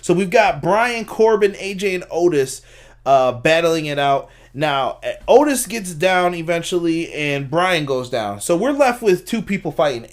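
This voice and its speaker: A man hosting a casual live-streamed wrestling review, recapping matches and reacting to chat. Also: fairly high pitch. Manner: animated recapper who acts out quotes and laughs at chat. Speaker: wrestling review podcast host.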